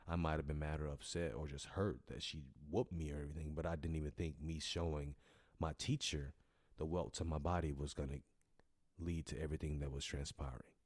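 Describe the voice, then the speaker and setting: A young man with a strikingly deep, low voice recounts his own story as a podcast host. He speaks earnestly and conversationally, with easy fillers and emotion close to the surface. The sound is dry and close. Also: darkish tone, dry recording. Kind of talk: personal storytelling.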